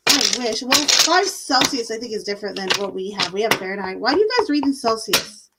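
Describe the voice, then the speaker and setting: A woman's voice: on the high side, expressive, fairly quick, heavy background noise. A woman giving a live-stream tarot reading in a casual, chatty way, full of fillers and "like"s. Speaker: tarot reader.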